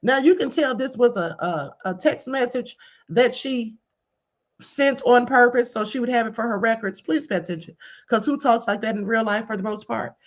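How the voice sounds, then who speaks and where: A woman hosts a casual commentary livestream and speaks to her chat directly, calling them beloveds and honey. Her voice sits a little high. The stream audio sounds dull and lo-fi, and her delivery is animated. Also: moderate pace. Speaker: livestream host. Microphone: computer or headset mic on live stream.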